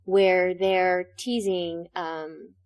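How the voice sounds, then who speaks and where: A woman being interviewed about her stage acting, telling stories in an animated way and acting out the lines she quotes. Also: fairly low pitch, extremely slow, dry recording. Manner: animated storytelling, acts out quotes. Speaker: stage actress, guest. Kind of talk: interview conversation.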